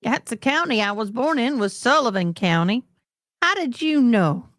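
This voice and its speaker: A woman's voice: on the high side, lively intonation, normal speed, a bit bright, no room sound, clean studio sound. A woman from Tennessee with a mild Southern accent, hosting a casual livestream chat with viewers in a rambling, talkative way and now and then slipping into playful put-on accents. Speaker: livestream host.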